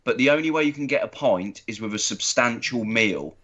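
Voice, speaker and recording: A man hosting a casual podcast chat, easygoing and quick to laugh. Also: mid-range voice, animated, a bit bright. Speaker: podcast host.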